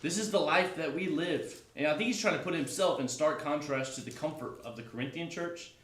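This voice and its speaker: A man's voice: a little high, a little fast, a bit bright. Male Bible teacher, chatty and loose, heard from a distance in a roomy classroom. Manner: casual, chatty, self-correcting.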